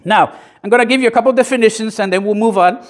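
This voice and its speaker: A man preaching a sermon in a church, conversational and emphatic, with self-deprecating asides and pauses for the congregation's amens. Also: high-pitched. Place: church sanctuary.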